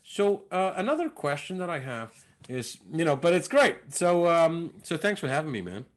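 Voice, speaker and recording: A man's voice: very animated, moderate pace. A male comedian chatting as a podcast guest, loose and rambling, his voice swinging up and down. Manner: loose and rambling, swinging between high and low. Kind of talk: casual podcast chat.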